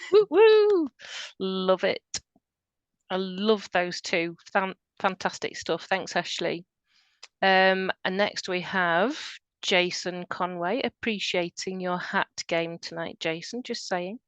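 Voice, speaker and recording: A woman's voice: fairly low pitch, fairly even intonation, takes it slowly, fairly bright tone, clean tone, no room sound. A woman hosting an online open mic, introducing poets and praising them in an upbeat way over a video call. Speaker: host.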